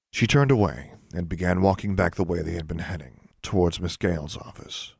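A man narrating a fantasy audiobook in a steady, measured storytelling manner. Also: low voice, vocal fry, husky, dry recording, studio quality. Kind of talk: scripted narration.

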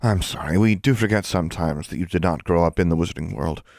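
A man putting on a cheerful adult witch whose light, fond voice sits on a very low base, raised only a little from his own. She sounds amused and patient, and the voice is dry and close. It is an audiobook character read by its narrator. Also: fast, gravelly, a little mellow, no room sound. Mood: apologetic. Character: cheerful grown woman witch, artisan sister.

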